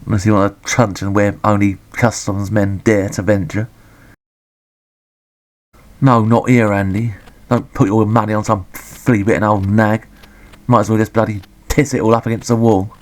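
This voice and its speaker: A man giving sweary, deadpan, sarcastic commentary on a retro game. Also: on the low side, normal speed.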